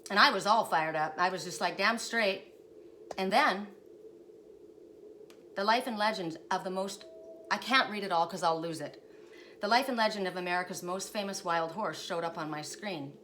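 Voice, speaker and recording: A woman with a slightly low voice shares spiritual stories in a casual, rambling vlog. She talks with open emotion and keeps checking in with the listener by tacking "right?" onto her sentences. A faint hum sits behind her. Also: fairly bright tone. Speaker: spiritual guidance storyteller.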